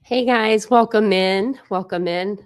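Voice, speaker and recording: A woman's voice: mid-range voice, measured pace, clean tone, no echo. Chatty woman hosting a home livestream. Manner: chatty, laughing, greeting viewers by name. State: out of breath. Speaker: livestream host. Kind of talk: casual livestream chat. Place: home room with dogs.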